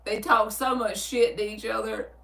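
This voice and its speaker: A woman's voice: a little high, moderate pace, vocal fry, recorded from a distance. A woman with a Southern US accent chatting casually on a livestream, reading out viewer comments and answering them with easy laughs. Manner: laughs easily, animated storytelling. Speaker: tarot reader hosting a livestream. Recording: roomy sound, speaker away from the mic.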